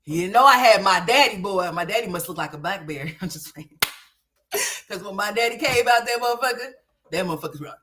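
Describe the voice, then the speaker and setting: A woman from Oklahoma hosting a livestream, telling a story in a loose, animated and profane way, dropping to low mutters and rising to loud exclamations. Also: fairly quick, noisy background. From Oklahoma, USA. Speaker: livestream host.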